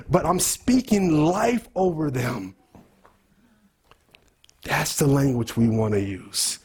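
A man's voice: fairly high pitch, creaky, a little mellow, slightly rough. A man preaching a sermon, teaching through a letter in casual, emphatic speech that repeats words and mixes scripture with everyday talk.

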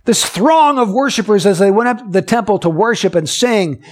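A man's voice: sits high, lively intonation, normal speed. A male pastor preaching a sermon, reading scripture aloud and then explaining it verse by verse, asking his listeners questions directly. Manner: asks the congregation questions directly.

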